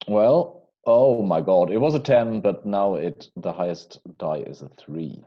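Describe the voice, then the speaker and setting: A man's voice: fairly low pitch, expressive, dull audio. A man playing in a tabletop role-play game, chatting casually and hesitantly. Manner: hesitant and unhurried. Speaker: player.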